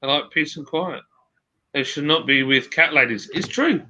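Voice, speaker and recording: Bloke chatting on a stream, bright punchy voice, slightly higher pitch. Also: male voice, normal speed, slight background noise. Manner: chatty, laughing, reads chat aloud. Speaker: host. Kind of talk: casual livestream chat reading viewer comments. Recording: dull lo-fi stream audio.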